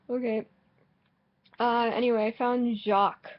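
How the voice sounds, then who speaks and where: A woman's voice: a little high, flat delivery, moderate pace, muffled recording. A woman giving casual, rambling commentary while playing a game, sarcastic and swearing, often restarting her sentences. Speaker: gaming vlogger.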